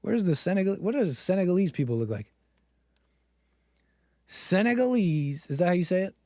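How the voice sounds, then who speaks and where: A man's voice: high voice, big pitch swings, racing, warm tone, no echo, clean studio sound. A man hosting a livestream, joking and self-mocking as he talks to his chat. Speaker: streamer host. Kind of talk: casual livestream monologue.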